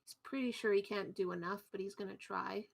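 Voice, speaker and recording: A woman running a tabletop game as game master, narrating in a relaxed, descriptive way. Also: mid-range voice, fairly quick, gravelly.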